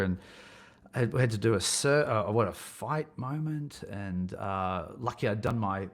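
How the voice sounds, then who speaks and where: On a podcast where he's the guest, a middle-aged casting director and acting coach talks expressively at normal speed in a mid-range voice. His answers are thoughtful but meandering, with many restarts.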